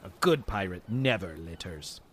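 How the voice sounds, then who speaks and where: A man's voice: low-pitched, animated, normal speed, slight background noise. A man voicing a stern old pirate captain who growls his lines theatrically.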